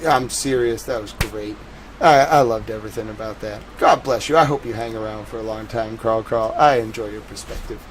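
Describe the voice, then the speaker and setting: A man with a Boston accent, a live news streamer talking casually to his chat in a soft, drawling way with lively swoops in pitch. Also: fairly quick, rough recording. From New England.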